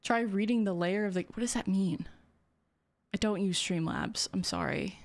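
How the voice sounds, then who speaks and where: A woman's voice: medium pitch, moderate pace. A young woman streamer chatting casually with her viewers, giggly and full of "like" fillers. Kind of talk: casual live-stream chat.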